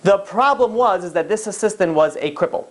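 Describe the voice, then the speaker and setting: A man's voice: sits high, brisk. Chatty man telling a story. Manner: animated, acts out the characters' lines; chatty, full of asides to listeners. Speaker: rabbi. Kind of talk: casual storytelling lecture.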